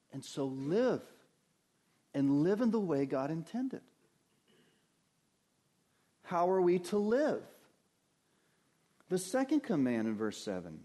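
A man with a voice pitched somewhat high preaches to his congregation during a church service. He is earnest, climbing on the phrases he stresses and letting his voice fall low and quiet as each thought closes. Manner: earnest preaching, rising on key phrases and dropping low on closing words. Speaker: pastor. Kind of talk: sermon.

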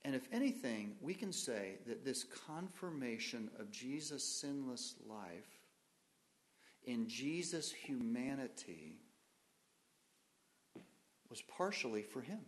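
A male pastor preaching a sermon, putting questions to the congregation and swinging from loud emphasis to quiet, soft phrases. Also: mid-range voice, big pitch swings, slow pace, long pauses.

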